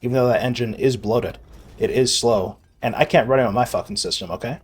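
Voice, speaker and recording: A young man casually rambling and swearing as he plays a video game, sarcastic and quick to laugh at himself. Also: mid-range voice, breathy edge. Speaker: gaming video creator. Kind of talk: casual rambling commentary while playing.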